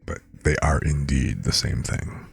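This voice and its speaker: A man's voice: extremely low pitch, lively intonation, unhurried, creaky, slightly rough, no room sound, soft background music. A man streaming live, chatting casually with viewers and reading out words with their definitions.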